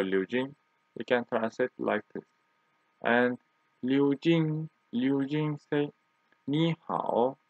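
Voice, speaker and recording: A man's voice: medium pitch, no room sound. A young man, a native Turkish speaker, teaching a language lesson in English and repeating words patiently. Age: young adult. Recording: tinny phone-like audio.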